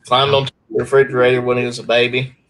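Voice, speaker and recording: A man's voice: medium pitch, completely flat delivery, fast talker, a bit bright. A man, a guest in a casual chat, laid-back and dry.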